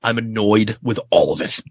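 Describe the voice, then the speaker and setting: A man's voice: fairly low pitch, completely flat delivery, a little slow, dry recording. A man co-hosting a podcast in casual chat, exasperated and stammering, slipping into mocking voices. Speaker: podcast co-host.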